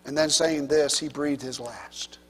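A man preaching a sermon with passion, his delivery swinging from hushed near-whispers to loud, rising cries. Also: on the high side, steady tone, a little slow, husky. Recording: long reverb of a large hall.

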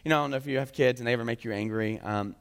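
A man's voice: mid-range voice, rapid-fire, clean tone. A man in his thirties, a pastor giving a casual, joking sermon and often checking in with "right?". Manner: conversational and jokey, keeps asking "right?". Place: church sanctuary. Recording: echoey church hall.

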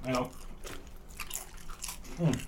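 A man's voice: very slow, a little hiss or hum. A man appearing as a podcast guest in casual chat, defensive and mock-disgusted.

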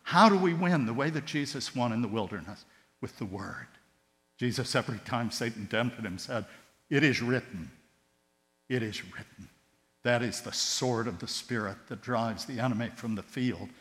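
A man's voice: medium pitch, normal speed. Impassioned preacher man in echoing hall. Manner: impassioned, swinging between loud emphatic rises and hushed tender drops. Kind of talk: sermon. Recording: long hall reverb with mains hum.

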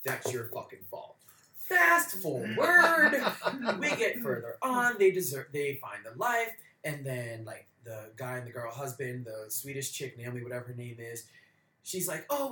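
A man in his forties co-hosting a podcast, telling a story in a profane, animated rant. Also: medium pitch, roomy sound. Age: 40s. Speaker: podcast co-host. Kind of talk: casual chat.

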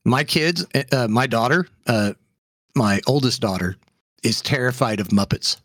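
A man co-hosting a casual podcast chat, telling jokes with dark deadpan humor and laughing often. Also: medium pitch, a little slow, dry recording. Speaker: podcast co-host.

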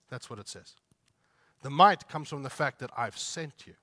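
A man's voice: medium pitch, animated, normal speed, bright, forceful tone. A man preaching a sermon, emphatic, repeating his points and asking the listeners rhetorical questions. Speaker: pastor.

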